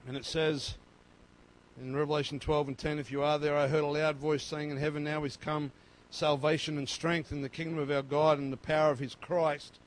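A man preaching a sermon as pastor, swinging between loud, fervent passages and quiet, low stretches. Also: level tone, a little fast, poor audio.

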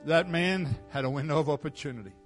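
A man giving a sermon as pastor in a church, moving from quiet reflective teaching into loud, fervent prayer. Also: fairly high pitch, quick pace. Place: church sanctuary. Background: soft instrumental music.

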